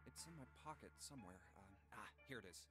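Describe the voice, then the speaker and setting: A man's voice: lowish voice, lively intonation, fast talker, music in the background, close to an everyday voice. A man voicing an earnest young game hero. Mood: earnest, reassuring. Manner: reassuring, stammers when flustered. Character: earnest young male protagonist, protective and pushy. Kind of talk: visual novel voice acting.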